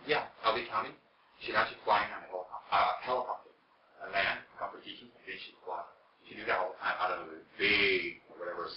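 A man's voice: lowish voice, noisy background. Guy rambling through an old story, casual and chatty, echoey room, kinda muffled lo-fi. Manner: animated, chatty, rambling anecdotes with asides. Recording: distant, roomy, dull lo-fi.

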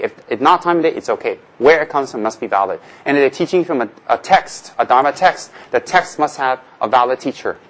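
A man's voice: mid-range voice, rough recording. Male Buddhist teacher from Tibet, casual humorous talk, asks and answers his own questions. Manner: humorous, rhetorical questions, repeats phrases.

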